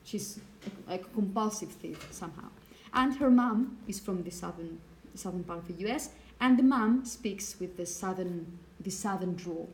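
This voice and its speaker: A woman teacher giving a relaxed, hesitant lecture with frequent check-ins, whose first language is Spanish. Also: mid-range voice, normal speed, few pauses, low-quality recording. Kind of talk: recorded lecture.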